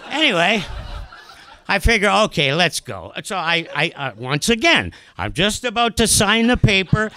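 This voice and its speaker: A man spins a comic personal story, his bright voice swinging high and low. He is animated and self-mocking, padding his lines with asides and fillers. The pitch sits high for a man.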